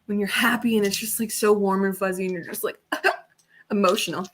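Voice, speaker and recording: Young adult woman, livestream host, chatty, giggles often, bright ringing voice. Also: mid-range voice, steady tone, a little fast, a little hiss or hum. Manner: chatty and giggly, lots of fillers. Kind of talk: casual chat on a writing livestream.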